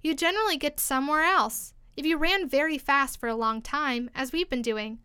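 A woman's voice: high voice, moderate pace, bright, forceful tone, no echo. A woman reading as a curious polite young girl. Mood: wondering. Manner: wondering, polite.

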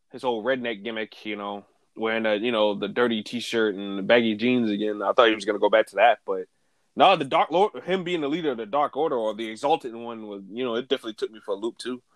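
A man's voice: mid-range voice, fast, a bit bright, no echo. A man from Brooklyn with a New York accent, co-hosting a podcast and giving blunt, streetwise opinions in casual chat. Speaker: podcast co-host.

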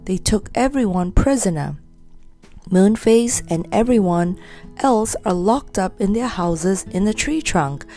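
A woman's voice: medium pitch, lively intonation, unhurried, mellow, soft background music. A woman voicing a small, kindly red squirrel in a storybook reading. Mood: worried.

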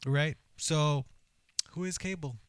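Jokey podcast co-host, slightly higher voice, dry close sound. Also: male voice, takes it slowly, clear, resonant tone, no echo. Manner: jokey, steers the talk along. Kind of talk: casual chat.

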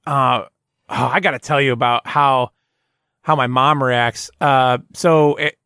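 A man's voice: medium pitch, steady tone, unhurried, pushed and bright, clean tone, dry recording, clean studio sound. A man from Arizona hosting a comedy podcast, rambling in casual chat. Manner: rambling, chatty, frequent restarts. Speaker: podcast host.

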